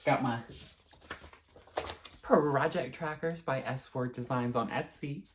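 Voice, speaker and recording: A man's voice: mid-range voice, slow, a little hiss or hum. A young man in his twenties chatting casually with viewers in a home craft vlog, rambling and openly emotional. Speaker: cross-stitch vlogger. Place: home, indoors.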